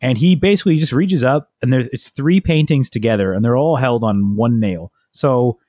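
A man in his thirties, co-hosting a podcast, chatting casually with a dry, deadpan humor. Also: mid-range voice, moderate pace, no room sound. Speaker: podcast co-host. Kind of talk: casual chat.

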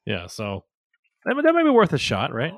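A man's voice: mid-range voice, wildly swooping pitch, normal speed, no room sound, clean studio sound. A man on a casual podcast, responding supportively and offering practical parenting advice. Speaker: podcast co-host. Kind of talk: casual chat about parenting.

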